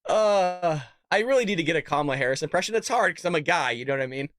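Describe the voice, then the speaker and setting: A man's voice: fairly high pitch, animated, fast, fairly bright tone, dry recording, studio quality. A man hosting a casual political commentary show, talking in a mocking, sarcastic way and calling his listeners folks.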